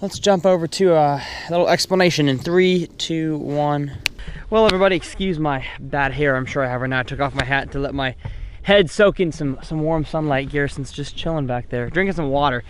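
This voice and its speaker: A man's voice: on the high side, a little fast, slight background noise. Chatty young-sounding fishing vlogger man. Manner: chatty and excitable, thinking aloud. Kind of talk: casual vlog with fishing tips. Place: outdoors on a boat on a lake.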